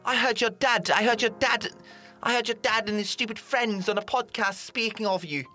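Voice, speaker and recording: A man voicing a taunting schoolkid bully in a high, mocking sing-song. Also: steady tone, normal speed, pushed and bright, faint music behind.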